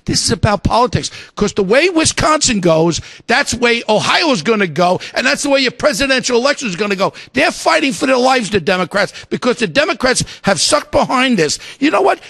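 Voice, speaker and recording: A man holding forth as a guest on a talk radio show, loud and outraged, hollering his points at the studio microphone. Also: extremely high pitch, sing-song, a little fast, creaky, hardly any pauses, no echo. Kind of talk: ranting talk radio commentary.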